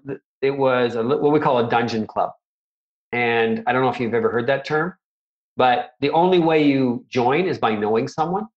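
Rambling middle-aged man, dull audio. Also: mid-range voice. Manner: rambling, self-deprecating storyteller with many restarts. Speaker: martial arts instructor, guest. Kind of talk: casual interview chat.

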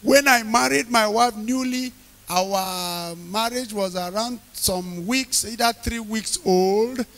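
A man preaching an evening sermon, emphatic, repeating key phrases, questioning the congregation and bursting into loud shouted lines. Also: high-pitched, slow pace.

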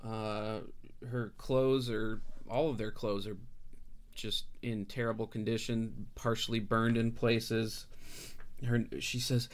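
A man's voice: on the low side, level tone, takes it slowly. A young adult man narrating a tabletop game as game master, loose and chatty with fillers.

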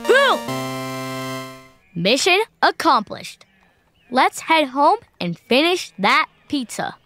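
A woman's voice: high-pitched, big pitch swings, takes it slowly, a bit bright, faint music behind, exaggerated voice. A woman voicing Max, a cheeky, impatient kid adventurer in a children's audio drama. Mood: playful. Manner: wisecracking, impatient.

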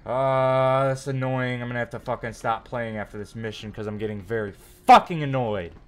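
A young man streams a game live, giving gameplay commentary while ranting irritably and swearing constantly. His mid-range voice is clean and fairly quick. He's on a desk mic with a facecam.

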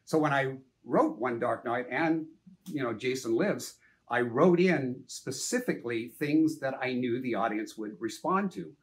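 An older man, a film director, telling anecdotes in a casual interview, lively and full of "you know" and the odd curse. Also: medium pitch, unhurried, slight background noise. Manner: animated, anecdotal, frequent "you know", some swearing.

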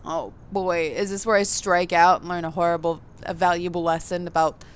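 A woman reading a visual novel aloud, expressive, breaking off to react and comment. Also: lowish voice, moderate pace, clean tone. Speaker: gaming streamer.

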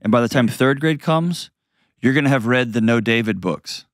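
Animated man hosting an advice show. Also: mid-range voice, no room sound, clean studio sound. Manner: animated, storytelling, frequent restarts and quick asides. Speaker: host giving advice.

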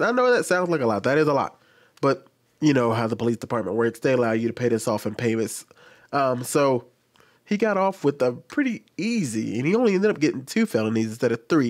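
Exasperated man lecturing other men. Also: mid-range voice. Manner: lecturing, exasperated, with repeated pleas. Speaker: commentator. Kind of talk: reaction commentary.

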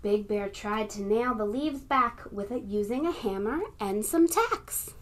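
A librarian reading a picture book aloud to young children and leading them in a game. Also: female voice, medium pitch, measured pace. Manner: warm, encouraging, talks to young kids.

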